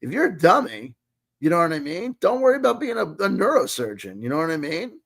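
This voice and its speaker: A man in his late forties rambles through casual reaction commentary, swearing freely and checking in with his listener again and again. His voice sits a little high, with a gravelly, creaky edge. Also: sing-song, fairly quick, fairly bright tone. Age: 40s. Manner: rambling, profane, keeps asking "you know what I mean". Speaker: host.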